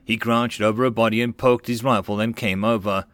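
A man narrating a web novel audiobook in a plain, even reading voice. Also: on the low side, fairly quick, dry recording.

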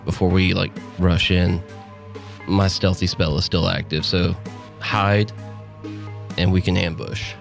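A man's voice: low-pitched, level tone, unhurried, gravelly, long pauses, faint music behind. A man playing a tabletop game, casually talking through tactics and plans for the group. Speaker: player.

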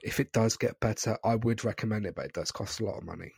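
A man's voice: on the low side, fast talker, vocal fry, a little mellow, husky, dry recording, studio quality. A British man hosting a podcast, chatting casually and rambling with apologetic digressions. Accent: British English. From Britain. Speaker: podcast host.

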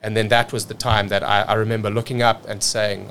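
A man from South Africa telling a story as a podcast guest, energetic and repeating words as he rushes on. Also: lowish voice, slight background noise. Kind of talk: casual storytelling.

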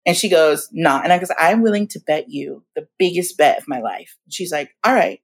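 Animated low-voiced woman telling stories. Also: brisk, husky. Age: 40s. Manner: animated, slangy, acts out quotes. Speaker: guest. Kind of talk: storytelling in a casual interview.

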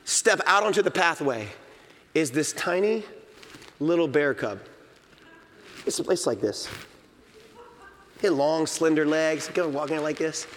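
A middle-aged man, a senior pastor, preaching a Sunday sermon and telling a story with lively, acted-out dialogue. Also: on the high side, unhurried, pauses often. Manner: animated, acts out dialogue, exuberant. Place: church sanctuary. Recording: long reverb of a large hall.

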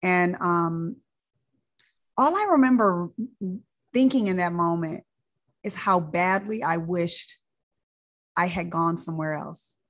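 Low-voiced woman telling a personal story. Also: slow pace, pauses often. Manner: conversational, repeats words, fillers.

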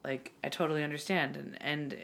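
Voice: mid-range voice, fairly even intonation, fairly quick, vocal fry, a bit bright. A podcast co-host talking candidly and earnestly, rambling with lots of fillers and restarts. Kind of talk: candid casual chat.

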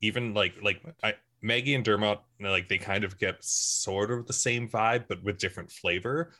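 Dude player, kinda low voice but forceful and bright, lots of uh and um. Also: male voice, moderate pace. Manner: hesitant, filler-heavy. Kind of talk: casual podcast chat.

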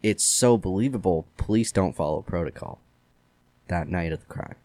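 With a low-pitched voice at normal speed, a man recounts a case on his casual true-crime podcast. He tells it loosely and easily, sprinkling in lots of "like." The audio has no echo.

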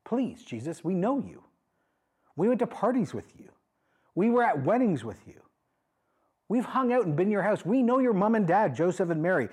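A pastor acting out a skeptical hometown crowd confronting Jesus in casual modern slang, with a husky voice. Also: male voice, mid-range voice, very animated, normal speed, darkish tone. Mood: pleading. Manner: incredulous, pleading, talks in modern slang.

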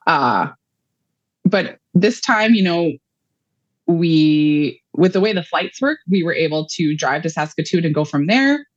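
A woman in her thirties talks through a long personal story, wandering and filling pauses with "um" and "like." Her voice sits low for a woman. The sound is dry and slightly muffled, with no room in it. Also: animated, no echo. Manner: rambling, emotional storytelling with many fillers. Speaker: guest, mother of a child patient. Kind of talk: conversational interview.

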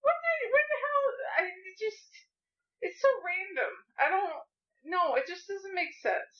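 A woman's voice: extremely high pitch, sing-song, unhurried, highs cut off. A woman chatting about a movie with her husband, ranting and laughing in exasperation. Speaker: movie reviewer, co-host with husband. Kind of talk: casual movie review chat.

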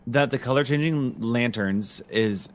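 A man playing a tabletop game, halting and joking as he decides his moves. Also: mid-range voice, slight background noise. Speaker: player.

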